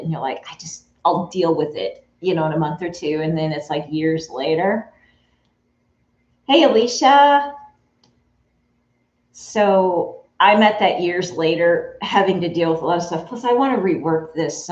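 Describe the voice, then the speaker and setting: A woman's voice: fairly low pitch, darkish tone. Friendly woman chatting on a live sew-along from her home studio, camera mic, roomy and a bit dull. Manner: chatty, greets viewers by name. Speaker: live sewing stream host. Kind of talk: casual live-stream chat. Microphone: camera mic in the room. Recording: roomy, slightly dull sound.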